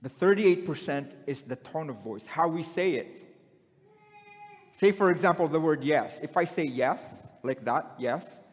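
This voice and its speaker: A man's voice: on the high side, expressive, a little slow. A middle-aged male preacher giving a conversational sermon and putting questions to the congregation. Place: church hall. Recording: dull sound in a long-echoing hall.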